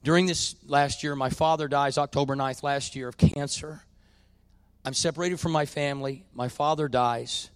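A man preaching a sermon, dropping to quiet confiding and rising to loud, drawn-out peaks. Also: fairly high pitch, fairly even intonation, smooth, no room sound. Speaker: pastor.

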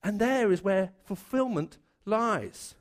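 Earnest male preacher, slightly high voice. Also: lively intonation, slow pace. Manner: earnest, builds lists of repeated phrases. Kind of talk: sermon.

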